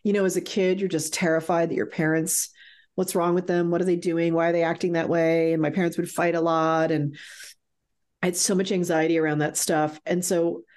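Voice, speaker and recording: A woman's voice: fairly low pitch, flat delivery, brisk, darkish tone. Frank woman telling a personal story. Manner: emotional, frank, swears freely. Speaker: author and interview guest.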